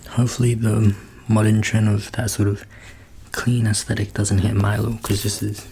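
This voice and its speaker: A man making a soft-spoken ASMR video in his room at home. He switches between whispering and quiet talk into a close mic, with wry joking asides. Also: on the low side, completely flat delivery, moderate pace, slight background noise. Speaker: ASMR creator.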